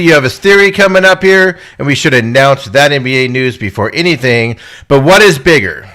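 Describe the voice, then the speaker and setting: A man co-hosting a podcast in a home studio, chatting casually about sports, animated and quick to laugh. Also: mid-range voice. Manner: animated, laughs often, talks in quick bursts. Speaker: podcast co-host. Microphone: podcast microphone with headphones.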